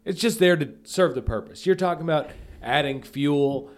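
A man's voice: a little high, normal speed. Man, young adult, podcast co-host, casual banter, laughs mid-sentence, playful arguing.

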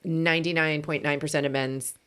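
A frank, blunt woman with a fairly low voice co-hosts a casual podcast chat. She fills her sentences with "like" as she talks. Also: steady tone, fairly quick, fairly bright tone, smooth. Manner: blunt, frank, lots of "like" fillers. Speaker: podcast co-host.

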